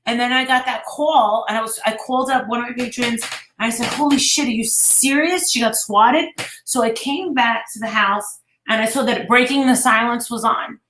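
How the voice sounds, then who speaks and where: A woman's voice: on the high side, steady tone, a little fast, fairly bright tone, slight background noise. Rambling, cursing woman in an echoey room. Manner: rambling, swears freely, retells quotes. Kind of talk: casual gossip chat.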